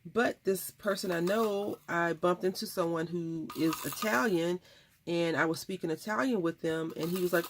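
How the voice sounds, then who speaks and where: A woman's voice: fairly low pitch, normal speed, slight background noise. A woman hosting a craft video, chatting casually and rambling through stories as she works. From United States. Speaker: craft channel host. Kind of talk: casual chat while crafting.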